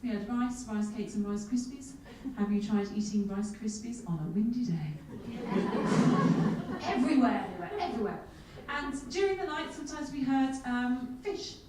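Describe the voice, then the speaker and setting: A woman on the higher side of the pitch range speaks at a measured pace in a humorous keynote, a lively storyteller who keeps mocking herself with comic asides. Background noise is present, and the large conference hall sounds echoey with her far from the microphone.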